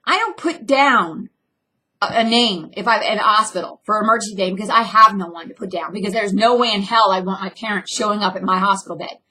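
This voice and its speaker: A young woman with a husky but bright, forceful voice delivers a blunt, intense personal vlog monologue. Her loudness swings suddenly between hard, raised lines and quiet ones. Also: mid-range voice, steady tone, fast, hardly any pauses. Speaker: actress and filmmaker.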